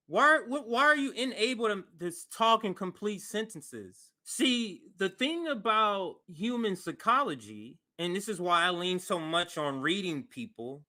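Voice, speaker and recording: A man's voice: high-pitched, sharp tone. A man hosting a reaction commentary, asking pointed, incredulous questions about a clip. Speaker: commentary host.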